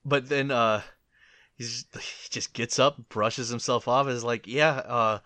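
A man's voice: mid-range voice, fairly even intonation, measured pace, bright, forceful tone, dry recording. A man co-hosting an anime podcast, analytical and laughing often in casual chat. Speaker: podcast co-host.

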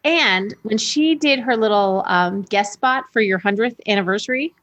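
A woman guest on a chat show, telling family stories in a lively way and laughing often, a little tipsy. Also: mid-range voice, moderate pace, highs cut off. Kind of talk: casual chat, storytelling.

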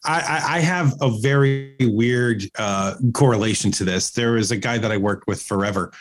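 A man's voice: mid-range voice, moderate pace. A man in a casual podcast chat, telling jokey, self-deprecating stories.

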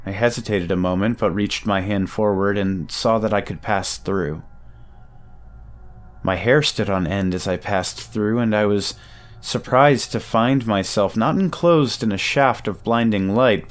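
A man narrating a first-person audio drama in a measured storytelling way. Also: lowish voice. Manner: measured storytelling, nervous stammer in own lines.

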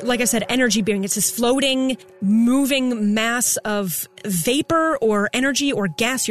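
A woman narrating a tabletop game as game master, in a casual way full of fillers. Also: a little high. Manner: casual, with many "like" and "kind of" fillers.

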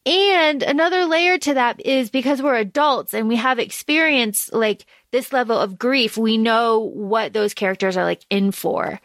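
A woman co-hosting a book podcast, telling stories in an animated, rambling way with restarts. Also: fairly high pitch, measured pace, hardly any pauses, dry recording. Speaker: podcast co-host. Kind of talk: casual chat.

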